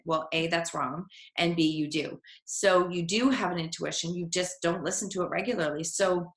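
A woman's voice: fairly low pitch, steady tone, brisk, few pauses. A woman giving an earnest, encouraging motivational talk as a life coach, sometimes voicing an inner voice. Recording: echoey room.

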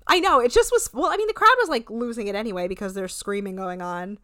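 A woman in her thirties chatting casually on a podcast, retelling a TV show in an animated way. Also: no echo, studio quality. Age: 30s. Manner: animated retelling, shifting quickly between pitches. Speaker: podcast co-host. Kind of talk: casual chat recapping a TV show.

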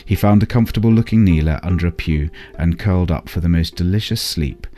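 A man reads a bedtime story aloud in a calm, unhurried way. His voice sits very low, and faint instrumental music runs underneath.

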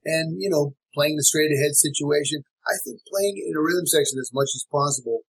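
A man who is a jazz musician and teacher, talking in a relaxed interview in a reflective way, with many fillers and restarts. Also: fairly high pitch, a little fast, breathy edge, poor audio.

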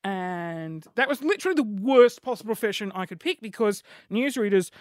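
A man with an Australian accent and a high-pitched voice, hosting a casual solo podcast in an excitable, rambling, self-mocking way. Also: brisk, dry recording, clean studio sound. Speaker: podcast host.

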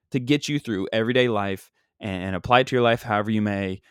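Brief: young male stand-up podcaster, low voice, rambling story, dry close mic. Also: fast, clean tone, no room sound. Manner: rambling, many fillers and restarts. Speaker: podcast host and stand-up comic. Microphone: single microphone.

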